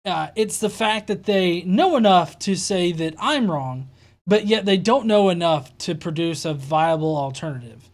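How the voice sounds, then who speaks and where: A man hosting a reaction commentary, sarcastic and exasperated, swearing often. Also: high-pitched. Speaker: host reacting to a video.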